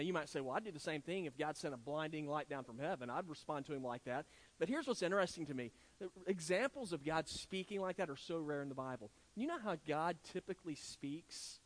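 A middle-aged man, preaching a sermon in an earnest, conversational way with frequent restarts. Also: a little high. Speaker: pastor.

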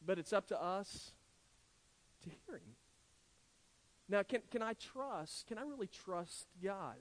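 A man's voice: high-pitched, animated, slow pace. A middle-aged man, preaching a sermon in an earnest, conversational way with frequent restarts. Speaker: pastor.

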